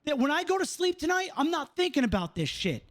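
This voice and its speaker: A man's voice: very high-pitched, very animated, a little fast, pitched above the performer's own voice. A man playing a proud, short-tempered male police lieutenant in a roleplay game, lecturing with swearing and repeated "okay?". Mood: stern lecturing. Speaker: roleplay character. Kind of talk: in-character roleplay argument.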